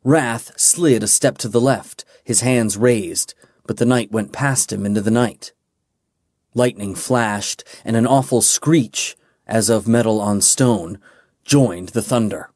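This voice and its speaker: Slow, measured male audiobook narrator. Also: on the low side, darkish tone, no echo. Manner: measured, dramatic reading. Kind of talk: scripted narration.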